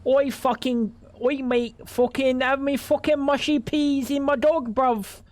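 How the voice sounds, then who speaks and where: A man's voice: extremely high pitch, fairly even intonation, unhurried, dry recording, pitched above the performer's own voice. A man doing a brash, crude lad in a mock Australian accent. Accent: put-on Australian. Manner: swearing, brash, shouty. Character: crude loud lad mocking British food.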